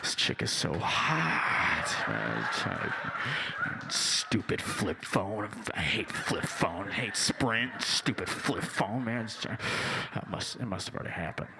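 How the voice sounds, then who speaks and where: A flustered young guy mutters and grumbles at his phone, as a comedian acts him out. His voice is slow and gravelly. It is recorded in a noisy live comedy club. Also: on the low side, big pitch swings, voice pushed down, exaggerated voice. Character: flustered young guy stuck waiting for a beep.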